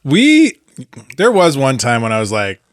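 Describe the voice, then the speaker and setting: A man co-hosting a podcast in casual chat, halting and full of fillers, speaking into a boom mic. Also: wildly swooping pitch, no room sound, clean studio sound. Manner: laughs often, filler-heavy, halting. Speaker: podcast co-host.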